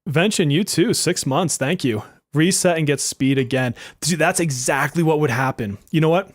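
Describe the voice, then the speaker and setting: A man's voice: a little high, normal speed, no room sound, clean studio sound. A man streaming a game live, joking and exasperated, often swearing and laughing as he talks to his viewers. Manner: talks to chat viewers directly. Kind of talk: live-stream gaming commentary.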